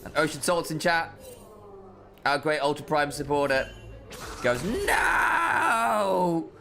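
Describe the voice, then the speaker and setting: A man doing jokey, animated play-by-play commentary on an esports match. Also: on the high side, normal speed, a little hiss or hum. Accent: put-on casting accent. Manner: animated, jokey, rising excitedly on big plays. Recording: game music behind the commentary.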